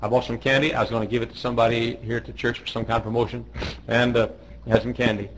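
A man's voice: mid-range voice, flat delivery, very fast, fairly bright tone, a little hiss or hum, low-quality recording. A middle-aged man, a pastor, telling joking stories in a folksy way on a radio devotional. He raises his voice when he quotes people.

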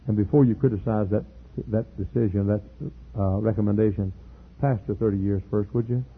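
A middle-aged male pastor telling a story in a sermon, earnest, repeating words and building to loud emphatic peaks. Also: lowish voice, steady tone, brisk, slightly rough. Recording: tinny lo-fi sermon tape.

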